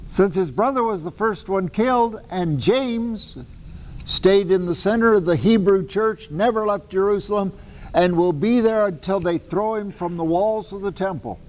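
A man giving a lecture on the Bible to a class, talking in an animated, emphatic way with casual asides and self-corrections. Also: high-pitched, moderate pace, long reverb tail, poor audio. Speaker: Bible teacher.

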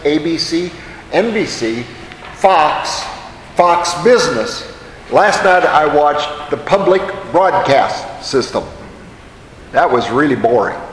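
A man's voice: mid-range voice, roomy sound, long reverb tail, slight background noise, rough recording. A man teaching a Bible study in a conversational way, often putting questions to his audience.

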